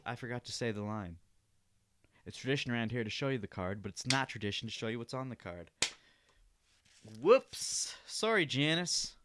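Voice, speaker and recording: A man's voice: medium pitch, noisy background. A young man hosting a podcast in casual chat, rambling, laughing often and swearing freely. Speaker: podcast host.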